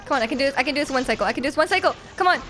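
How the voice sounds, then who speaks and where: A young woman live-streaming a video game, giggling, reacting excitedly and teasing her chat as she plays. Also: high-pitched, rapid-fire. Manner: reads chat aloud and teases viewers. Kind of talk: casual live game stream, chatting with viewers. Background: faint game music.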